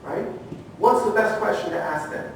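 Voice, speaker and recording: A middle-aged man giving a training talk at a conference, telling lively stories, acting out the quotes and asking the audience questions. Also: sits high, moderate pace, noisy background. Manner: animated storyteller, acts out quotes, asks the audience questions. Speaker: conference speaker, former federal agent. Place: conference room. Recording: echoey room, heard from far off.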